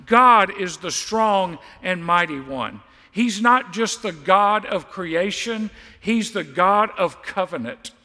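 A man's voice: high voice, animated, slow pace, few pauses, sharp tone, big-room sound. A man preaching a sermon as pastor, stressing and repeating key words for emphasis.

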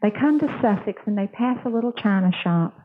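A woman's voice: mid-range voice, expressive, fairly quick. Earnest woman preaching over a tinny line. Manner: earnest, storytelling. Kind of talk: sermon. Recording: tinny phone-like sound.

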